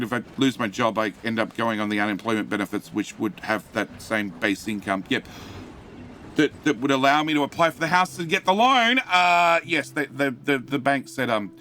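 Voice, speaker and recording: A man's voice: medium pitch, fairly bright tone. A middle-aged man from Australia with a light Australian accent, chatting casually and self-mockingly on a game live stream, answering chat with many fillers and restarts. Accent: Australian, though light. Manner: rambling, self-mocking, reads chat aloud.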